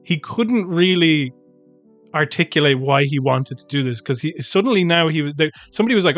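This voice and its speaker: A man chatting loosely on a podcast, his voice sitting a little high as he rambles and swears freely. He keeps stumbling into restarts and asides. The sound is close and dry, with faint music behind. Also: animated, a little fast, a bit bright, no echo. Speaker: podcast co-host. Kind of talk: casual chat.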